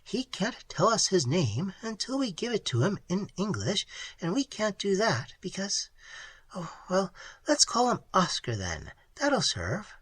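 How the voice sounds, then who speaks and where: A spirited young woman explorer speaks earnestly, voiced by a man reading aloud. Her lines sit higher and swing widely in pitch. The sound is dry and close, slightly husky. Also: huge pitch swings, measured pace, a bit bright, no room sound, heavily acted. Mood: puzzled. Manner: earnest, emotional pleading. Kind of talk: audiobook character reading.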